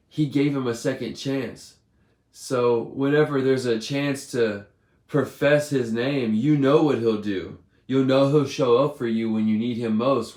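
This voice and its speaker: A man's voice: mid-range voice, darkish tone. A man giving a casual Bible devotional, retelling loosely with many fillers. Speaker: devotional speaker. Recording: roomy echo.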